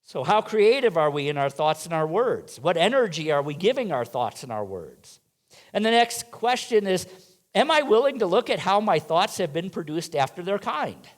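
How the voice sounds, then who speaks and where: High-voiced man giving a sermon. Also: big pitch swings, moderate pace. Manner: rhetorical questions, playful asides to the congregation. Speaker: minister. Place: church sanctuary.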